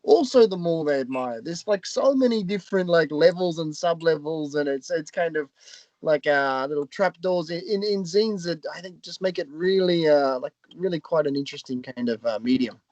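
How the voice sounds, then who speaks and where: A man hosting an interview over a video call, talking haltingly with many fillers. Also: on the high side, a little mellow, no room sound. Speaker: podcast host. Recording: dry, dull lo-fi call audio.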